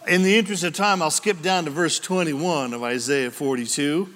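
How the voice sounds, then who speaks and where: A man preaching an expository Bible teaching sermon, swinging from booming scripture reading to quiet asides. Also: moderate pace, long reverb tail. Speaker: pastor.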